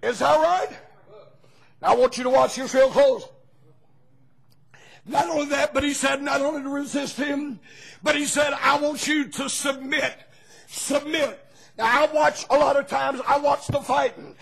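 A man preaching a fervent sermon as pastor, breaking into shouts and calling on the congregation for amens. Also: very high voice, fairly even intonation, moderate pace, creaky, low-quality recording.

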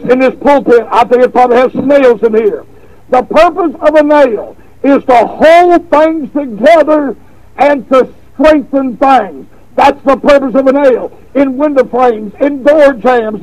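A man preaching a revival sermon, telling a folksy story with repeated words, then stressing points with slow emphasis. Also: extremely high pitch, darkish tone, poor audio.

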